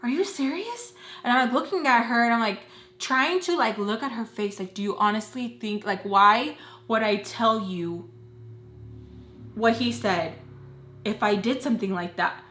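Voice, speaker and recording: A young adult woman vlogger telling a dramatic story in an animated, slangy way. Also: fairly high pitch, normal speed, reverberant. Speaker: beauty vlogger. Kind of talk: storytime vlog.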